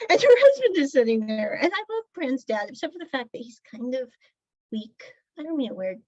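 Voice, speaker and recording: A woman's voice: high voice, very animated, a little fast, darkish tone, no room sound, dull audio. A woman casually recapping a drama episode, chatty and laughing often as she retells scenes. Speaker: drama reviewer.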